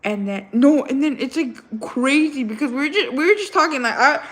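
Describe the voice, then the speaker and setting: High-voiced chatty young woman streaming. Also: animated, a little fast, fairly bright tone. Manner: chatty, rambling storyteller full of "like" and "bro". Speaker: livestream host. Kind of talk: casual livestream chat.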